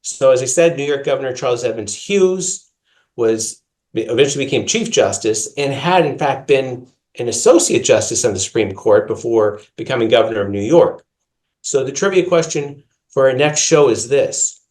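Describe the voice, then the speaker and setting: Minnesotan man, careful and measured. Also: mid-range voice, lively intonation, darkish tone. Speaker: podcast co-host. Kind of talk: explanatory podcast segment.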